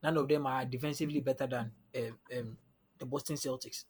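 Fairly quick and husky, with a steady mid-range tone, a man guest-analyzes basketball matchups on a casual sports podcast. He builds the numbers up step by step, frequently asking "you understand?".

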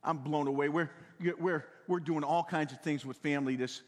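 Older pastor with a high voice. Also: male voice, fairly even intonation, moderate pace, long reverb tail. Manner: folksy, repeats words, swings from loud to hushed. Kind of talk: sermon.

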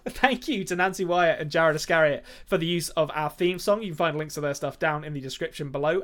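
A man's voice: on the high side, fairly bright tone. A man co-hosting a casual movie podcast, talking in a rambling, jokey way with frequent laughs and restarts. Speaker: podcast co-host. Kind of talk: casual movie review chat.

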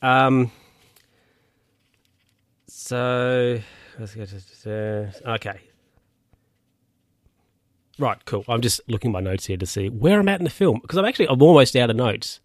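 A man's voice: medium pitch, lively intonation, measured pace, long pauses, dry recording. A man casually recapping a film's plot, rambling, with lots of fillers and self-corrections. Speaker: film recap host.

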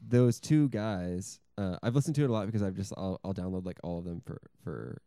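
Casual podcast co-host, man, low mellow voice, dry sound. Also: fairly quick, clear, resonant tone, no echo. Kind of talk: casual chat.

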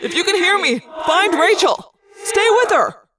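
Storybook reading: woman doing a bossy teen boy leader yelling orders, very high, noisy recording. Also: expressive, a little slow. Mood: urgent. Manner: shouting orders. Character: teenage boy leader, urgent and commanding.

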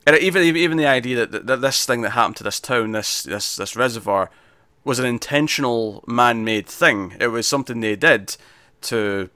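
A man talks through a film in relaxed conversation, stumbling and restarting as he goes. His voice is bright and forward, recorded close and dry with no room around it. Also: medium pitch, fairly quick, dry recording. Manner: hesitant, with frequent restarts and fillers. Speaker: film reviewer. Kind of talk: casual film discussion.

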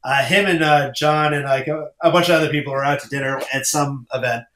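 A man's voice: mid-range voice, steady tone, fairly quick, fairly bright tone, roomy sound. A man telling rambling stories in a casual podcast chat, with lots of fillers. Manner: rambling storyteller, many fillers and laughs. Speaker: comic book writer.

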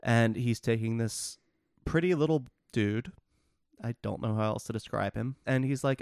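A man's voice: medium pitch, moderate pace, darkish tone, clear, resonant tone, dry recording, clean studio sound. A man co-hosting a podcast, casually and wryly explaining the plots of obscure films. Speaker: podcast co-host. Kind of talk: casual movie discussion.

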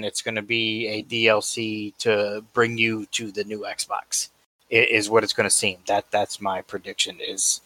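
A man with a bright, forward voice co-hosts a casual podcast chat. He talks eagerly and jokes freely, recorded close and dry. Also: on the low side, no room sound. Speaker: podcast co-host.

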